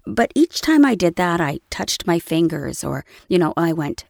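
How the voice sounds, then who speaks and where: A woman coaching voice actors in an easy, conversational way, slipping into short acted examples to make her points. Her voice sits a little low, and the studio mic sounds close and dry with no room around it. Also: big pitch swings, moderate pace, gravelly, a little mellow, dry recording. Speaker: voice-over coach. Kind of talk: instructional talk on voice acting. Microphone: studio microphone.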